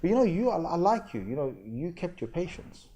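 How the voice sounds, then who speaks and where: Male lecturer, London accent, lively street-talk sermon delivery that acts out dialogue. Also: fairly high pitch, fairly quick. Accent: London English. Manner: animated storytelling, acting out dialogue, slangy and conversational. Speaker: Islamic lecturer.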